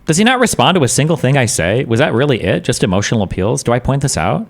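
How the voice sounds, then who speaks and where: A man's voice: mid-range voice, very animated, fast talker, gravelly. A man casually commenting on a debate during a live stream, blunt, profane and thinking aloud in long rambles.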